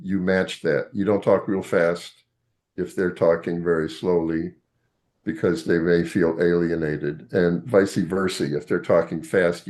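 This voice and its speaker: An older man lecturing a class as a psychologist, halting and full of fillers and restarts. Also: low voice, a little mellow.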